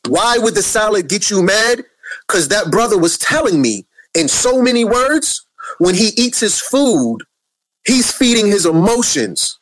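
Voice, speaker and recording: A man's voice: high-pitched, sing-song, moderate pace, a bit bright, no echo. A man ranting on a live social media video, preachy and rambling, who keeps calling his viewers family.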